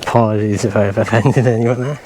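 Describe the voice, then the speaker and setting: A man's voice: on the low side, fairly even intonation, fairly quick. A Welsh man giving casual, self-mocking commentary while hiking outdoors, hot and weary from the heat. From Wales. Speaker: walking vlogger. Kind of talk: casual walking commentary to camera. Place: outdoors in rural fields and paths. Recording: outdoor ambience noise behind the voice.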